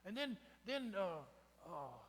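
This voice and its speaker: A man's voice: sits high, big pitch swings, takes it slowly, a bit bright, slight background noise. A man preaching a sermon in a conversational way, often asking the congregation "right?". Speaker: pastor. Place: church sanctuary. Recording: reverberant church sanctuary.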